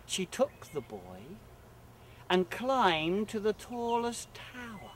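A man telling folk tales live, with a slow, deliberate pace and a lively, swooping delivery. His voice is distant and roomy, with faint ambience behind. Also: high-pitched, a little hiss or hum. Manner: dramatic, animated, with sudden loud bursts and hushed drops. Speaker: professional storyteller. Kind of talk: live storytelling performance. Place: live stage venue. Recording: echoey live venue, distant mic.

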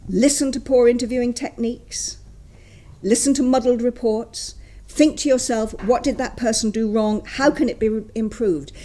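A woman in her sixties giving a university lecture, emphatic and opinionated, slowing down to stress her key points. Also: medium pitch, dark tone. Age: 60s. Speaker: guest lecturer.

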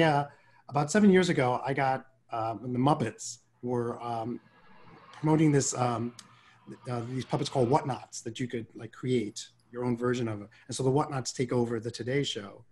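A man from Harlem telling stories on a video call, voice at a middling pitch, animated and playful, acting out what people said and laughing as he goes. He talks like a puppeteer swapping stories among friends. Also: normal speed. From Harlem, New York. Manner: animated, acts out quotes, laughs often. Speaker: puppeteer guest. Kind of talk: casual storytelling in a conversation.

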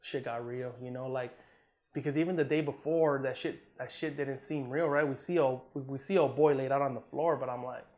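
Here a former Army soldier who saw combat, hailing from Southern California, spins a war tale in an easygoing interview. His mid-range voice moves briskly, peppered with swearing, "you know," and "man," while he voices the quotes himself.

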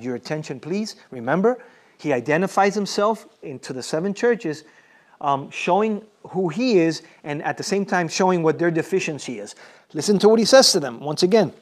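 A man's voice: sits high, animated, a little fast. A man preaching a sermon as pastor, repeating phrases and calling for responses from the congregation. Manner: repetitive, emphatic.

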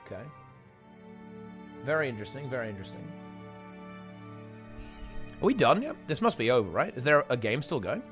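Lively chatty male game caster. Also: mid-range voice, moderate pace, long pauses, soft background music. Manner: chatty, rambling, self-correcting asides. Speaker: esports tournament commentator. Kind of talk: casual live game commentary.

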